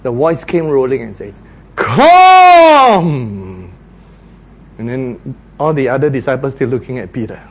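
A man preaching a sermon, retelling a story dramatically with shouted voices for its characters. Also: mid-range voice, fast, few pauses, slightly rough.

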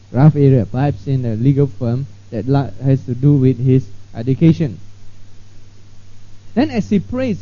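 A man teaching a Bible class in a conversational way, often checking in with his listeners. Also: fairly high pitch. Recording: dull lo-fi recording.

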